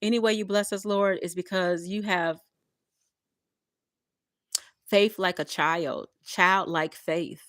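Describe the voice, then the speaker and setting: Speaking slowly with long pauses, a woman tarot reader addresses her viewers directly in a collective reading that doubles as a spiritual pep talk, encouraging and repeating herself. Her fairly low, steady, fairly bright voice comes through clean studio sound with no room echo.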